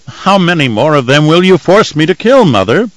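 A man's voice: medium pitch, sing-song, normal speed, no echo, pitched above the performer's own voice, lightly acted, poor audio. A man putting on a cruel taunting nobleman. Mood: menacing. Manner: mocking, coldly threatening. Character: cruel menacing young nobleman, cold and taunting.

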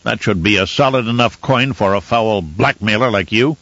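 A man's voice: lowish voice, moderate pace, fairly bright tone, no room sound. A man voicing a cruel, scheming older male baron with a sneering, mocking manner, in a dull, dry recording. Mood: pressed.

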